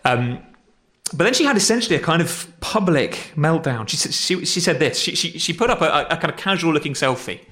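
A man's voice: a little high, lively intonation, a little fast, fairly bright tone. Man preaching conversationally. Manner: conversational, self-deprecating preaching with repetitions. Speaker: pastor. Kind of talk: sermon.

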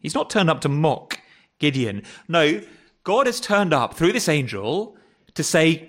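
Chatty preacher with a raised pitch. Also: male voice, sing-song, measured pace, a bit bright. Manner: conversational, asks the congregation rhetorical questions; stumbles and repeats words, corrects himself. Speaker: pastor. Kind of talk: sermon. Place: church.

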